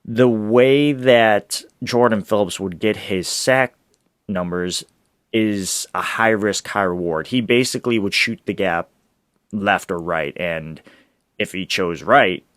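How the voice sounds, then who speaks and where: Male podcast host, lowish dry voice, eager and rambling, close mic. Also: slow pace, no echo. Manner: excitable, rambling, with frequent laughs and restarts. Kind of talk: solo sports podcast talk.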